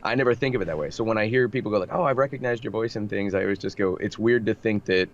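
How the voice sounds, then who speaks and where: A man's voice: lowish voice, rapid-fire. A man who works as a voice actor, chatting animatedly in an interview, with a slightly nasal voice and lots of restarts. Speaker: voice actor guest. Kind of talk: casual interview chat. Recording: dull lo-fi remote audio with faint noise.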